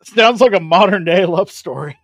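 A man on a casual podcast, delivering deadpan, sarcastic quips. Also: high-pitched, moderate pace, lo-fi sound, crowd noise. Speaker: podcast co-host.

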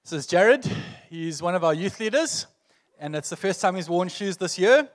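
A church leader introducing the next speaker in a relaxed, joking way, with many fillers. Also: male voice, high voice, moderate pace.

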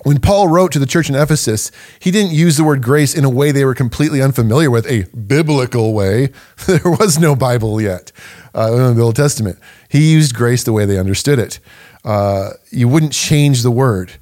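Male podcast teacher: animated, emphatic, laughs between points. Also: medium pitch, normal speed. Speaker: podcast host and Bible teacher.

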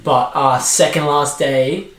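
A man's voice: a little high, takes it slowly, fairly bright tone, roomy sound. A man with an Australian accent, co-hosting a casual football chat and telling stories with plenty of fillers. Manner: chatty storyteller, lots of fillers. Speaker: podcast co-host.

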